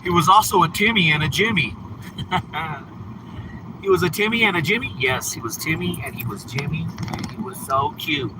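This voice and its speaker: A man's voice: fairly high pitch, animated, moderate pace, noisy background. A man livestreaming from a car, teasing and scolding viewers in his chat in casual talk. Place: in a car on a snowy road.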